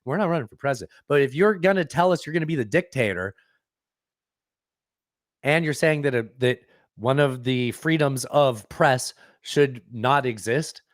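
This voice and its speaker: A man co-hosting a political chat podcast, sarcastic and animated in his asides. His voice sits at an ordinary pitch and sounds close and dry, with no room around it. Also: normal speed, no echo. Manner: sarcastic, does mocking voices. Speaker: podcast co-host.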